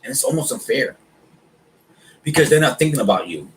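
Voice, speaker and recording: A man's voice: mid-range voice, animated, brisk, low-quality recording. Man, casual chat, emphatic, opinionated, faint background noise. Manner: emphatic, opinionated, says man and bro a lot. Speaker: podcast co-host.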